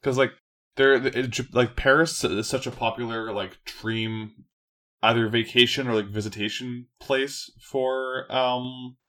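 A man's voice: medium pitch, steady tone, unhurried, fairly bright tone. A man co-hosting a podcast, explaining in casual talk full of filler words and restarts. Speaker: podcast co-host. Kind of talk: casual chat.

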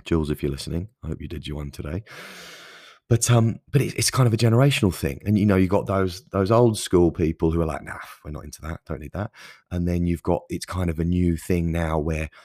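A man in his thirties with a very deep, husky voice, recorded dry on a close mic. He hosts a solo podcast and talks in an earnest, easygoing, enthusiastic way. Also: a little fast, a little mellow, no echo. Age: 30s. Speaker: podcast host.

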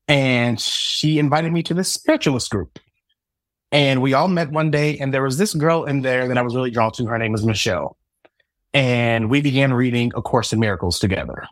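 Acting out conversations and poking fun at himself, a Southern Indiana man in his thirties recounts his life as a psychic reader during a laid-back interview. His voice is mid-range, and the recording has no room sound and studio quality.

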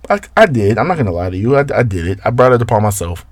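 A man telling a story in a casual, profane rant, exasperated, with his voice jumping up and down in pitch. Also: big pitch swings, racing, no room sound.

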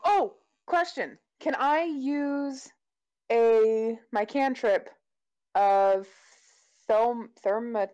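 A woman's voice: a little high, extremely slow, darkish tone, clear, resonant tone, dry recording. Hesitant woman at a game table. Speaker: player. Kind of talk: casual tabletop game chat.

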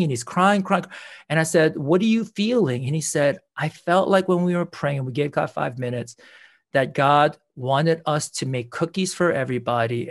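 A man, a guest in an interview, telling a personal story earnestly, with frequent restarts. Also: on the high side.

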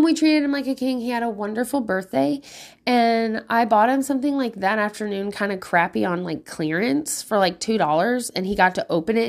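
A woman in her thirties chatting casually about parenting, swearing freely, often laughing and saying "like". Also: fairly high pitch. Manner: chatty, profane, laughing, lots of likes. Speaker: parent podcaster. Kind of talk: casual monologue.

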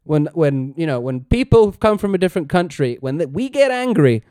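A man's voice: fairly high pitch, very animated, moderate pace, warm tone, clear, resonant tone, dry recording, clean studio sound. A man co-hosting a casual podcast, recapping a TV episode and acting out characters' lines with animation. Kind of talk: casual chat.

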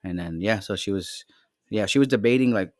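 A middle-aged father chatting casually on a podcast, rambling and swearing, often trailing off quietly. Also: lowish voice, a little fast, no room sound, studio quality. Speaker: podcast co-host. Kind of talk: casual chat.

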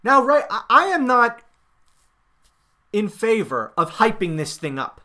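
Sarcastic, bright-voiced male podcast host. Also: high-pitched, big pitch swings, measured pace. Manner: sarcastic, mocking paraphrases of others; emphatic, rising and falling loudness. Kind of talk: political commentary monologue.

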